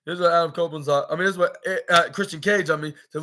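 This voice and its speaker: A man's voice: a little high, steady tone, very fast, bright, forceful tone. Rambling man recapping in casual chat. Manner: rambling, heavy use of filler words, retells scenes in paraphrased quotes. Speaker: podcast host.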